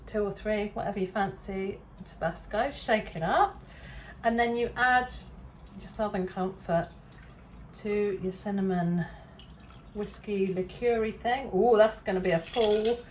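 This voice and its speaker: An English woman hosting a relaxed kitchen demonstration, chatty and self-deprecating, often laughing at herself. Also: medium pitch, slight background noise. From England. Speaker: cooking show host. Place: home kitchen.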